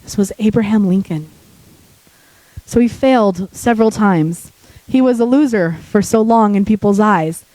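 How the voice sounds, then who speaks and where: A woman preaching a sermon in a church while sick, her voice deepening, talking conversationally and joking with the congregation. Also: normal speed, warm tone, no room sound, poor audio.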